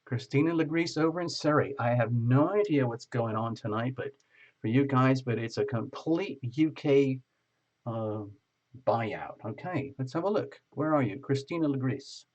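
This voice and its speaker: A man's voice: mid-range voice, expressive, normal speed, a little mellow. A man hosting a tarot channel livestream, chatting in a rambling, playful way with his viewers. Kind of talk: casual livestream chat with viewers. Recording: dull lo-fi stream audio.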